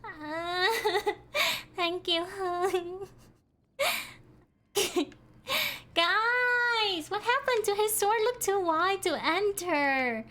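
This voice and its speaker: A young woman streaming a game live, reacting excitably with frequent laughs and swearing. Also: very high voice, very slow. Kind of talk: live gameplay commentary.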